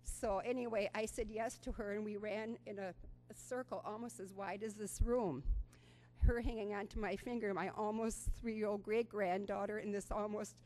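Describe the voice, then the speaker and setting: A woman's voice: mid-range voice, fairly even intonation, moderate pace, a little mellow, rough recording. A woman in her sixties giving an earnest personal testimony to an audience, telling her story with frequent ums. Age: 60s. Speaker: program participant giving a testimonial. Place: school auditorium.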